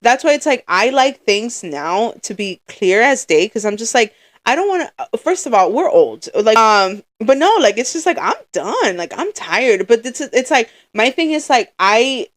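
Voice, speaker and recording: A woman's voice: a little high, sing-song, moderate pace. A young woman co-hosting a podcast, venting in casual chat, tired and rambling with many restarts. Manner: weary, venting. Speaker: podcast co-host.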